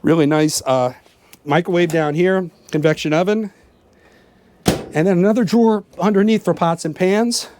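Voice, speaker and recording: A man with a fairly high voice gives a relaxed, upbeat tour from inside a motorhome. He chats as he goes, pointing out details with lots of fillers. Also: moderate pace, background noise. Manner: chatty, upbeat, points things out with frequent fillers. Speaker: RV travel vlogger giving a tour. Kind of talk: casual walkthrough tour.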